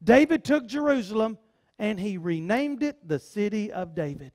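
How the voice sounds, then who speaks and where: Male pastor, very high voice, fervent repetitive sermon delivery with folksy sayings. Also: animated, normal speed, a little mellow.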